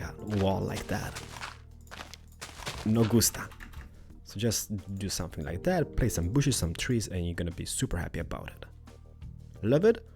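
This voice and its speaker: A playful young man talks through a building tutorial in a low, gravelly voice that swings widely up and down. He rambles, breaks into loud exclamations, and sounds like he is losing his voice, with clear music playing behind him. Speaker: host. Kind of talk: casual building tutorial commentary. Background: background music.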